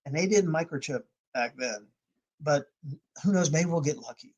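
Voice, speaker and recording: Husky man telling a heartfelt story. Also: a little high, moderate pace, dull audio. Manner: emphatic, swings from loud to near whisper. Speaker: podcast guest. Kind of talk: emotional personal storytelling.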